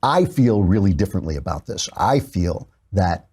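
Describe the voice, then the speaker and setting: A man's voice: sits low, lively intonation, normal speed, few pauses, dark tone, slightly rough. A man hosting a talk show, delivering an emphatic, sarcastic opinion monologue.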